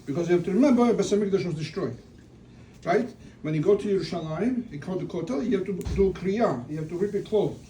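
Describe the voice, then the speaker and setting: A man's voice: high voice, animated, fast, warm tone. A man giving an informal religious talk at a family gathering, telling stories and asking rhetorical questions. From Russia. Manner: storytelling, restarts and rhetorical questions. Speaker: family member giving a eulogy. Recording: distant mic with faint room noise.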